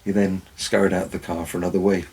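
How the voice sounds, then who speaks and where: Very deep, husky-voiced man telling stories. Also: flat delivery, fast talker, warm tone, rough recording. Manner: dry, wry anecdotal storytelling. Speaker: former forest warden. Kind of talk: storytelling narration.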